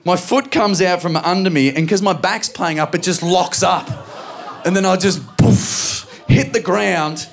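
A man in his forties with an Australian accent, performing a stand-up comedy routine on stage and telling stories with acted-out voices and sudden shouts. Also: high-pitched, unhurried, creaky. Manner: animated storytelling, acting out voices and shouts. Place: comedy venue stage with a live audience.

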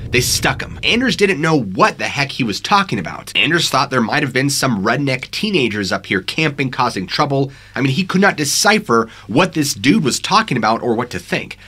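Husky, animated male horror narrator. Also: mid-range voice, fairly quick, hardly any pauses. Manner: dramatic, suspenseful storytelling. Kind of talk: narrating scary true stories. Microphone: studio microphone.

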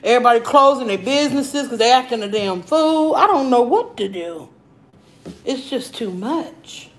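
Casting note: woman livestream host, brash, profane, higher-pitched voice, talking to chat. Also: fairly quick, rough recording. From Arizona. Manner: loud, profane, animated, reading and answering chat comments. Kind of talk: casual live-stream chat. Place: home.

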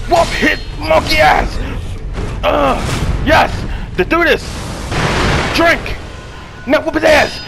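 A man, hosting a gaming channel and yelling, cursing and cheering through live gameplay commentary. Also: very high-pitched, takes it slowly, gravelly, long pauses, over music. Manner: loud, cursing, shouting at the game.

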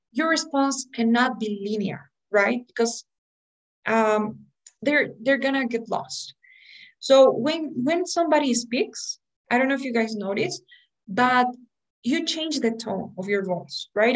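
Woman, teacher, online class, explanatory, fairly high voice. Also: rough recording. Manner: explanatory, asks "right?" often. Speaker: English test prep teacher.

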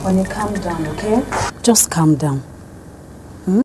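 A woman's voice: mid-range voice, animated, moderate pace, close to an everyday voice, low-quality recording. An actress playing a proud, wealthy middle-aged mother who soothes her daughter. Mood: soothing. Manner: soothing, then haughty. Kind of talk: film drama dialogue.

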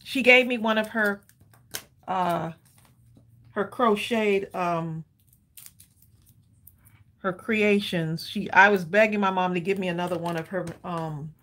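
A woman's voice: medium pitch, slow pace, pauses often, a bit bright. A woman hosting a casual live crafting stream at home, chatty and rambling with many ums and easy laughter. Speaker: livestream crafting host.

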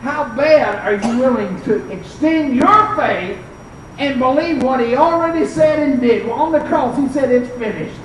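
An older preacher giving a fervent revival sermon, telling stories and rising to shouts at the peaks. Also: high voice, unhurried, noisy background. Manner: fervent, storytelling, rises to shouts. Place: church sanctuary. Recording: echoey church, mic far off.

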